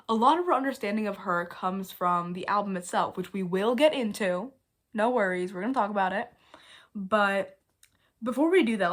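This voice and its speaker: A young woman hosting a casual vlog, chatty and playful, often mocking herself and jumping between loud and soft. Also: medium pitch. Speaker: video host.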